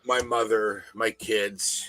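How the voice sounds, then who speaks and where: A middle-aged man talking as a podcast guest, ranting bluntly with heavy profanity and loud emphasis. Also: fairly low pitch, fairly even intonation, takes it slowly, poor audio. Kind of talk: casual podcast conversation.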